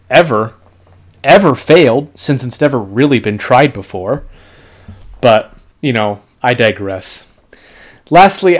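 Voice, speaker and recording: A man hosting a casual podcast in a sarcastic, meandering way. He piles up asides and filler words as he talks things through. His pitch sits in the middle for a man. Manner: sarcastic, rambling, many "you know" fillers. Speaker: podcast host. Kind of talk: casual political podcast chat.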